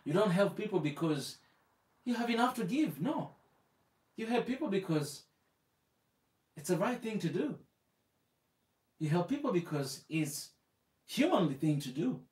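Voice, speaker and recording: An impassioned man with an East African accent, his voice a little high for a man. He preaches, repeats himself and asks one rhetorical question after another. He sounds set back from the mic in an echoey room. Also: very animated, unhurried, long pauses, darkish tone, recorded from a distance. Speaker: live show host. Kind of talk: impassioned live-stream talk.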